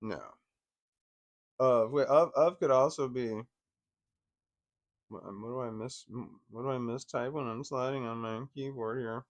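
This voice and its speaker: A man's voice: mid-range voice, unhurried, pauses often. A man talking casually in a vlog, hesitant and full of restarts. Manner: hesitant, repeats words and restarts often; coos softly at his dog. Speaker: vlogger.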